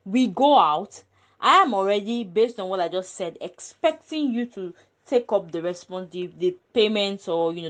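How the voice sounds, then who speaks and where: A woman in a casual panel discussion, talking earnestly and emphatically, with frequent ums and restarts. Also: mid-range voice. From Nigeria. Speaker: panel guest.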